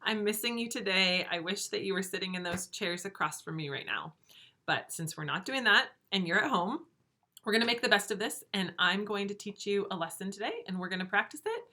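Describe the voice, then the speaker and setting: A woman teaching first graders a recorded lesson from her empty classroom, speaking slowly, patiently and encouragingly to small children. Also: medium pitch, sharp tone. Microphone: camera.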